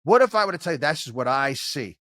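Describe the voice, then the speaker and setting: A man's voice: on the high side, big pitch swings, a little fast, sharp tone, no room sound. An older man hosting a podcast, talking in a casual, rambling monologue with lots of fillers and restarts, plain-spoken and wry. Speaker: podcast host and financial commentator.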